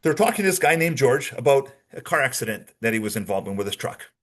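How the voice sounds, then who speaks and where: A behavioral analysis trainer gives a training lecture with slides, keeping it conversational and demonstrative and checking in with his audience often. He talks fast in a medium-pitched, slightly bright voice with big pitch swings.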